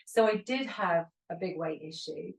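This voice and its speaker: A woman's voice: fairly low pitch, moderate pace, vocal fry. Candid woman co-host, roomy and distant. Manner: candid, rambling storyteller. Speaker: podcast co-host. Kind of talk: casual chat. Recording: roomy echo, distant from the mic.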